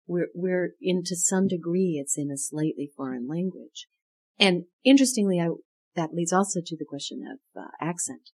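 Woman from the US, low voice, husky, interviewer, reflective, analytical. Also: expressive, moderate pace, a little mellow. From United States. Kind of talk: conversational interview.

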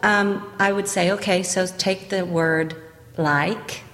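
A woman's voice: mid-range voice, steady tone, takes it slowly, a bit bright, big-room sound. A woman dialect coach explaining how she teaches an accent to actors, demonstrating the vowel sounds as she goes.

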